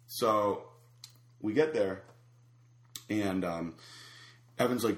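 A man's voice: on the low side, moderate pace, long pauses, reverberant. A man telling a long rambling story in casual chat, full of fillers and restarts. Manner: rambling, animated anecdote with many fillers.

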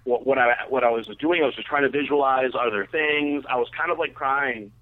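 Speaking a little fast at medium pitch, a man on a radio show loosely recounts a long, crude story from his own life, full of "like" and restarts. It's casual storytelling captured in phone-like radio audio.

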